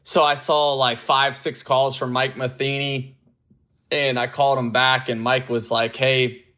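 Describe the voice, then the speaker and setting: A man's voice: medium pitch, flat delivery, unhurried, sharp tone. A man from the Tampa area, a pro ballplayer, chatting as an interview guest with lots of fillers and laughter. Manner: loose, laughing, full of fillers. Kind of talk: casual interview chat.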